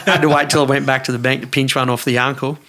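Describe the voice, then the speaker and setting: An Australian man telling a fishing yarn as a podcast guest, lively and full of broad slang. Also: mid-range voice, fast. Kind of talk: casual storytelling.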